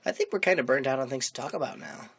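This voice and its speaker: A man's voice: medium pitch, huge pitch swings, fast talker, creaky, background noise. A young man co-hosting a podcast in a playful, jokey casual chat. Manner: playful, jokey, does silly voices. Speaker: podcast co-host.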